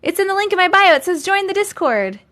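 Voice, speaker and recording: A woman's voice: very high voice, sing-song, quick pace, sharp tone. A woman hosting a live stream, chatting casually with viewers, reading out their comments and laughing often. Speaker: livestream host reading viewer stories.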